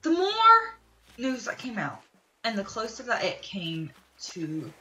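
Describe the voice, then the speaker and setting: Lively, bright-voiced young woman rambling. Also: medium pitch, measured pace. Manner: excitable, lots of fillers and laughs. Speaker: gaming streamer. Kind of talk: rambling casual chat.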